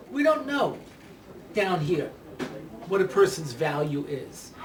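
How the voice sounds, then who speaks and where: Rabbi lecturer, high lively voice, humorous anecdotes; distant mic in a reverberant hall. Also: male voice, a little hiss or hum. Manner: animated storyteller, many "you know"s, acts out quotes. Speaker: rabbi, speaker. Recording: roomy hall recording from a distance.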